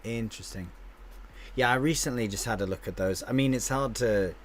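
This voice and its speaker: A man's voice: mid-range voice, fairly quick, a little hiss or hum. A man live-streaming a game, chatting casually with his viewers and answering their comments aloud, often restarting his sentences.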